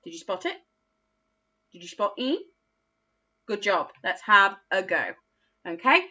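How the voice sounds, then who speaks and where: A woman teaching a phonics lesson to young children, speaking slowly with exaggerated, encouraging praise. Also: medium pitch, big pitch swings, sharp tone, lo-fi sound. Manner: slow, encouraging, sing-song teacher talk with exaggerated praise. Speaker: early years teacher.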